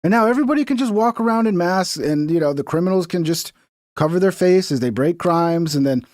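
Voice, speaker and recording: A man's voice: high voice, expressive, quick pace, darkish tone, no room sound, studio quality. Sarcastic, profane man reacting to clips. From Texas. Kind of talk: casual reaction commentary.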